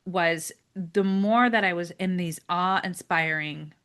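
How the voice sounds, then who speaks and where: An American woman talking casually as a guest, animated and laughing often, sometimes dropping to a soft near-whisper. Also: lowish voice, slow pace, smooth. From United States. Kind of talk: casual conversation.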